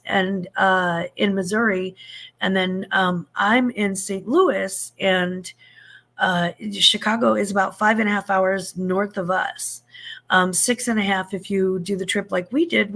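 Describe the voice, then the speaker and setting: A woman's voice: mid-range voice, vocal fry, fairly bright tone. Chatty woman hosting a live chat. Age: 50s. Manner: chatty and rambling, with frequent fillers and restarts; affectionate, greets viewers with endearments. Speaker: host of a live chat stream. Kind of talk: casual live-stream chat.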